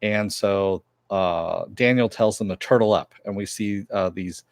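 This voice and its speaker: Low-voiced man rambling through a recap. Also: a little slow, no room sound, clean studio sound. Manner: rambling, filler-heavy retelling. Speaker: TV episode reviewer. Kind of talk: casual recap and review.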